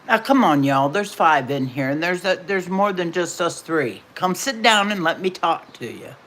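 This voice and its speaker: A woman's voice: on the low side, lively intonation, normal speed, fairly bright tone. A middle-aged woman, chatting casually and telling folksy stories while hosting a livestream. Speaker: livestream host.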